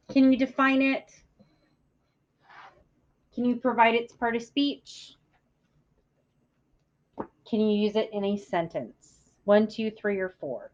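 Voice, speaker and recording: A woman teacher giving a classroom vocabulary lesson, speaking clearly and deliberately, stressing words for the class to echo. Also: a little high. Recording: muffled lo-fi audio.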